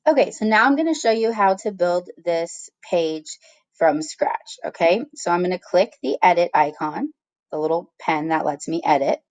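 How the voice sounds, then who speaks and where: A woman's voice: lowish voice, animated, moderate pace, darkish tone, dry recording. A woman teacher giving a patient, step-by-step screen-recorded tutorial, checking in with her students as she goes.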